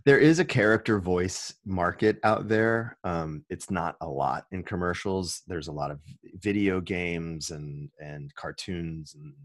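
A man, a voice-over artist, chatting casually as a podcast guest and trailing off quietly at times. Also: low-pitched, unhurried, few pauses.

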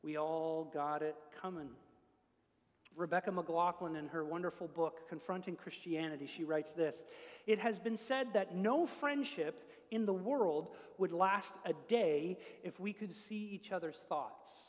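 High-voiced preacher in a reverberant hall. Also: male voice, a little slow. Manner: earnest, builds to emphatic peaks. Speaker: pastor. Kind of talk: sermon. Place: church. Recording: long reverb of a church hall.

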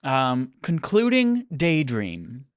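Seorang pria membawakan kuis dalam obrolan podcast santai, sering tertawa dengan gaya yang hidup. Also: male voice, medium pitch, slow pace, dry recording, studio quality. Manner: lively, laughs often, animated delivery. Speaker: podcast host. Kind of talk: casual podcast chat, running a quiz game.

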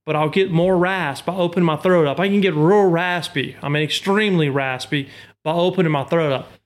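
A man's voice: on the high side, brisk. A man from Arkansas, explaining duck call technique in a podcast with homely comparisons. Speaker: duck call maker and hunter. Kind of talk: instructional podcast talk.

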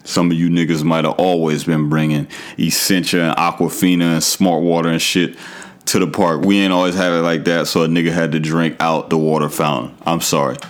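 Low-voiced man telling a comic story. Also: brisk. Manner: animated, profane, swings into high exclamations. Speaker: podcast host. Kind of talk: comedic storytelling monologue.

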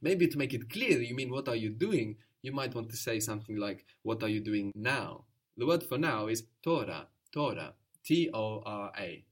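A man teaching a spoken language lesson, patient and encouraging, explaining slowly and repeating words. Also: lowish voice, animated.

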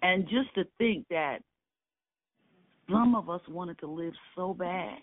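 A man's voice: sits high, slow pace, dry recording. Older man, from Brooklyn, interview recollection, earnest and emphatic, dry tinny phone-like sound. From Brooklyn, New York. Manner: earnest, emphatic storyteller who repeats key phrases. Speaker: oral history interviewee.

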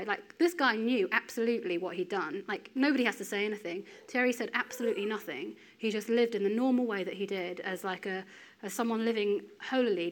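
A woman in her thirties giving a sermon in a conversational, storytelling way with lively asides. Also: medium pitch. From United Kingdom. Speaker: preacher.

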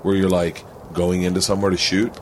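A man's voice: low-pitched, brisk, slight background noise. A man hosting a casual chat with fellow comedians, telling stories animatedly and acting out what people said. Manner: animated storyteller, acts out quotes. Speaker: podcast host. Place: rented home.

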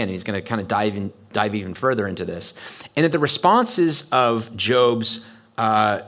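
A man's voice: mid-range voice, fairly bright tone. A man preaching a sermon with a mid-range voice. He talks in an easy, conversational way and acts out the lines he quotes. He speaks from a church. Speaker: pastor.

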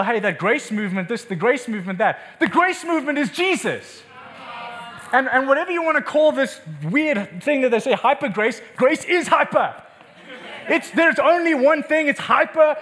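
A man with a very high voice preaches a sermon with passion and urgency. He hammers his points home and repeats words for emphasis. He is speaking to a congregation in a church room. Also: fairly bright tone. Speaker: pastor.

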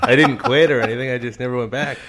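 Male comedian guest, mid-pitched, chatty anecdote teller who laughs a lot. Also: fast, noisy background. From Canada. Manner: animated storyteller, laughs often, acts out quotes. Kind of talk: casual storytelling interview.

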